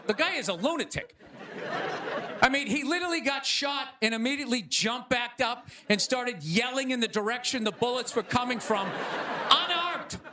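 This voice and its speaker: A male stand-up comedian doing a sarcastic, ranting set on stage, with loud bursts. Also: very high-pitched. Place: comedy stage before a live audience. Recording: live club recording with audience laughter and noise.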